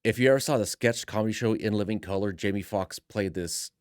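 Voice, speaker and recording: A man's voice: lowish voice, a little fast, no echo, studio quality. A man hosting reaction commentary, speaking in a sarcastic, mocking way. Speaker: commentary host.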